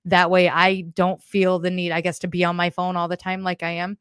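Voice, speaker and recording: A woman's voice: lowish voice, little pitch movement, fairly quick, fairly bright tone, clean tone, no room sound, clean studio sound. A woman hosting her live podcast, talking candidly and emotionally in a rambling, casual way, a bit shaken and teary. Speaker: podcast host. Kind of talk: casual live-stream monologue.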